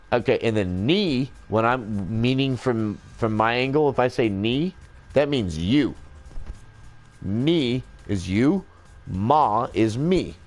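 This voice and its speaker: A man in a rambling, joking casual monologue, swearing freely as he goes. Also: medium pitch.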